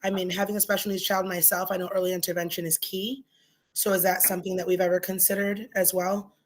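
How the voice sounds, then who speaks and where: Tentative, low-voiced woman board member. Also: flat delivery, quick pace. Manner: tentative, hedging her suggestion. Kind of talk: questions at a board meeting. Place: town hall meeting room.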